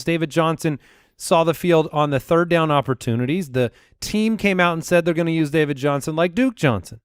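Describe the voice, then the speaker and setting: Smooth-voiced man debating sports picks. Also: on the high side, no echo, studio quality. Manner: eager, quick debating. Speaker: podcast co-host. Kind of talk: casual sports chat.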